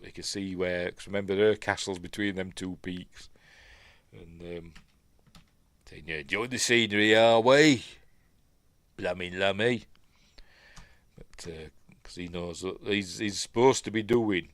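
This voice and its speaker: A man's voice: lowish voice, a bit bright, dry recording. A man with a Yorkshire accent hosting a casual, rambling film breakdown, often stopping to correct himself. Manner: rambling, self-correcting, chatty with fillers. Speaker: film reviewer host.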